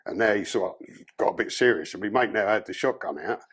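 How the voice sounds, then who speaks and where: A man's voice: fairly low pitch, fast, fairly bright tone, breathy edge. A man from London with a London accent, a podcast guest telling his life story in blunt, profane, casual talk.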